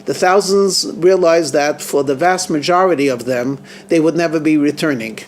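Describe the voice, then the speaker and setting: A rabbi with a high voice tells a story in an earnest, halting way, often repeating himself as he searches for his words. A faint hum runs under the recording the whole time. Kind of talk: storytelling sermon.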